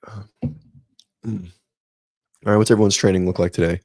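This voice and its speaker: Low gravelly laid-back man. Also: steady tone, normal speed, darkish tone, no echo, studio quality. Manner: rambling, laid-back, talks to viewers by name. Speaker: fitness coach and channel host. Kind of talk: casual livestream chat.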